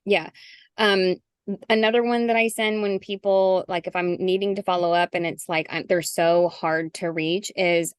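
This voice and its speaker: A woman's voice: on the low side, normal speed, clean tone, no room sound, studio quality. Chatty woman coaching on a video call. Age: middle-aged. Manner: chatty, animated, acts out sample messages. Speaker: guest coach. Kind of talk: casual zoom call. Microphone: video call mic.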